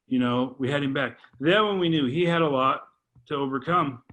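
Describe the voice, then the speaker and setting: A man on a podcast, telling a heartfelt personal story in a halting way, full of restarts and repeated words. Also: mid-range voice, a bit bright. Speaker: podcast guest, father. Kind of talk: heartfelt personal testimony in conversation.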